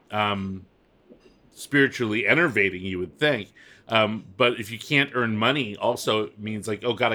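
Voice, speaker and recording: A man's voice: mid-range voice, sharp tone. A man co-hosting a podcast in casual chat, jokey, with hesitant trailing sentences. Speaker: podcast co-host.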